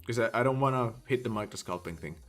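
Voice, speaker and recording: A man's voice: mid-range voice, expressive, quick pace, soft background music. A man from Sweden with a Swedish accent, chatting casually on a live stream, rambling with lots of fillers as he thinks aloud. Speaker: livestreamer.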